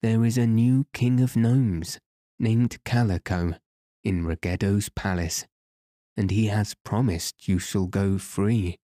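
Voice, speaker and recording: A man's voice: fairly low pitch, takes it slowly, dark tone, no echo, clean studio sound. A man voicing an earnest, anxious grown man in a storybook who has been searching for his lost brother.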